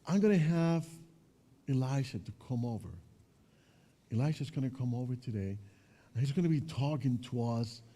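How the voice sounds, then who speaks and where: A man leads a children's Bible lesson, keeping the kids involved with questions. His voice is very dark and mellow, and he sits at an average pitch. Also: lively intonation, moderate pace, long pauses. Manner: asks the children questions, mixes in Spanish.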